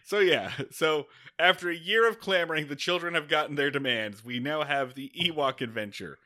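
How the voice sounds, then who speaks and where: A man's voice: a little high, moderate pace, pushed and bright. A man co-hosting a podcast, chatting casually and jokingly about movies, swearing now and then and laughing as he talks. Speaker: podcast co-host. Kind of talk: casual comedic movie chat.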